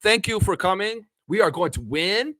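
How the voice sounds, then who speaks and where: A man's voice: animated, normal speed, pushed and bright, no room sound. A man putting on the voice of a beaming new team president making a grand announcement. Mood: triumphant. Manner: grand announcement, pitched well above his own voice.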